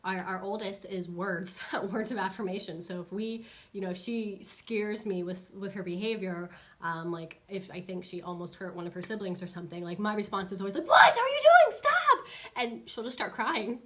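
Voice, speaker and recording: A woman in her thirties talks as a dog trainer on a casual live stream. She is chatty and animated, and her voice sits at an ordinary middle pitch. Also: moderate pace, few pauses. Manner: chatty, animated, acts out dogs and kids in high squeaky voices.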